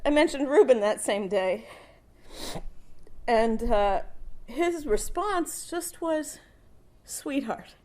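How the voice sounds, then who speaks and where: Slow-speaking middle-aged woman giving a eulogy. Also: fairly high pitch, animated, a little mellow. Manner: fond, often laughing between memories. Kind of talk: funeral eulogy. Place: funeral service.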